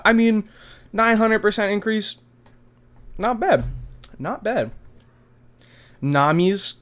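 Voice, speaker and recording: A young man in his twenties, casually talking through a manga chapter review in a loose, slangy, chatty way with casual swearing. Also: a little high. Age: 20s. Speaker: anime review vlogger.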